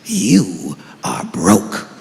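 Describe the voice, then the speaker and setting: Comedian doing a slow, deep-voiced lecturing dad. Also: male voice, huge pitch swings, gravelly, very noisy, full character voice. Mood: calm lecturing. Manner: slow, low, measured fatherly lecturing. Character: patient dignified poor father, middle-aged man. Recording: reverberant theater hall.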